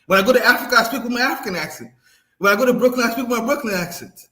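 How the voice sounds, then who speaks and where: A man's voice: extremely high pitch, very fast, pushed and bright. A man from New York, a caller on a stream, arguing insistently, cutting in and laughing often. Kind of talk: casual argument on a stream.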